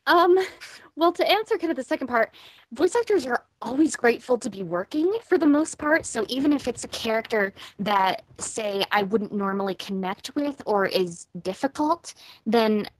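A woman voice actress being interviewed, talking casually and quickly with frequent laughs. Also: fairly high pitch, animated, dry recording, clean studio sound. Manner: chatty, quick, laughs often.

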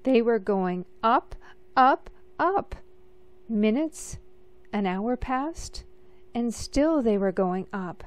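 A woman reading a picture book aloud in a gentle, measured storytelling manner. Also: fairly high pitch, lively intonation. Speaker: storybook reader.

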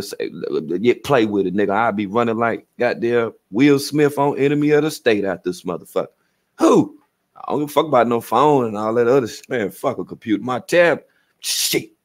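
A man hosting a livestream, ranting profanely and acting out quotes as he tells his stories. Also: medium pitch. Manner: profane, animated storytelling with acted-out quotes. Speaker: livestream host. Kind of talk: casual livestream rant.

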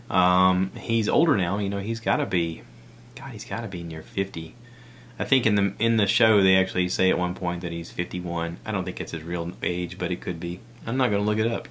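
Slight background noise accompanies a low male voice. The speaker, a middle-aged man with a Southern American accent, runs a solo podcast in a loose, chatty style, often making jokes at his own expense.

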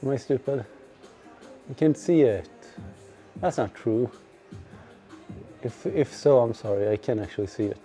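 Male streamer at the gym, slow and mellow delivery, swears freely, mocks himself, faint music behind. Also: medium pitch. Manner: profane, self-mocking banter with chat. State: out of breath at times. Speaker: livestreamer. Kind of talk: casual livestream chat while working out.

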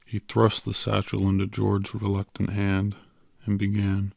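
A man narrating an audiobook in a steady, measured storytelling manner. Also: lowish voice, vocal fry, no echo. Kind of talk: scripted narration.

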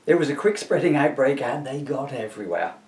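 A man's voice: medium pitch, very animated, fairly quick, a little mellow, distant mic. A man reading from his own comic book, chatty and self-mocking, with asides. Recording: roomy echo, voice from off-mic.

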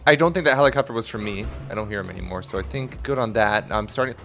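A young man playing a robber in a role-play game, giving excitable, joking commentary to himself while he drives. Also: fairly low pitch, fast, vocal fry, hardly any pauses. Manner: excitable, jokey, talks to himself while driving.

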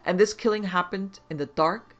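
A man voicing a gruff, suspicious small-town constable around forty who barks blunt questions in rustic grammar. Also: sits high, normal speed, fairly bright tone, dull audio, faint music behind, pitched above the performer's own voice. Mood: gruff questioning.

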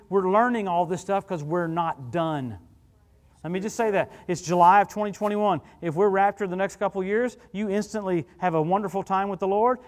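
A man preaching as a guest at a church service, telling stories in an animated, chatty way with quick asides to the congregation. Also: high-pitched. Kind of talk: storytelling sermon.

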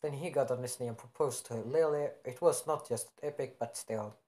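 A young man makes up a fan story aloud, stopping to correct himself and filling gaps with hesitations. His voice sits at a middle pitch, unremarkable and conversational. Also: normal speed, mellow. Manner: rambling, self-correcting, many fillers. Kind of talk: improvised fan-fiction narration.

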